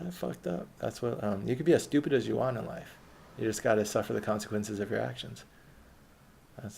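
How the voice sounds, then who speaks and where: A man's voice: fairly low pitch, creaky, darkish tone, slight background noise. A young man casually telling a story from his life, rambling along and swearing freely.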